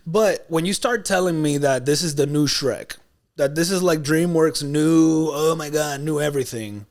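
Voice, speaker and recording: Animated young man in casual podcast chat. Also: fairly high pitch, fairly quick. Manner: animated, puts on mock voices for bits. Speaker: podcast co-host.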